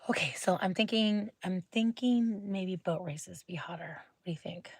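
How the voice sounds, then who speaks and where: A woman's voice: lowish voice, normal speed, husky. A woman hosting a casual livestream from home, rambling and often dropping into a whisper as she chats with viewers. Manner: chatty, often drops to a whisper; rambling, thinks aloud. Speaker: livestream host. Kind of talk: casual live chat with viewers.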